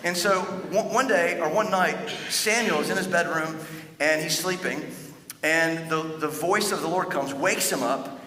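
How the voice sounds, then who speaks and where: Bright-voiced male pastor in an echoey hall. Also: fairly high pitch, unhurried, slight background noise. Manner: conversational storytelling with frequent stuttered restarts. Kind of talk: sermon. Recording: echoey hall with long reverb.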